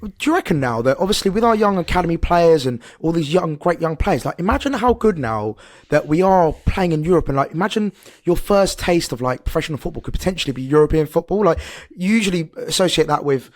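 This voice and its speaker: A man's voice: a little high, expressive, fast. A man, a podcast co-host rambling in casual football chat over a video call. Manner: rambling, many fillers like "you know" and "like".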